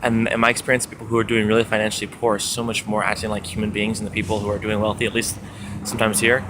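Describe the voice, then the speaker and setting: A young man talking casually and cheerfully to a handheld camera outdoors, chatty and animated as he recounts his day. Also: fairly low pitch, rapid-fire. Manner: upbeat, chatty, animated retelling with raised acted quotes. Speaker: street book distributor. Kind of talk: casual vlog monologue. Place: outdoors on a foggy city street. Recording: street noise behind. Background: city traffic and street ambience.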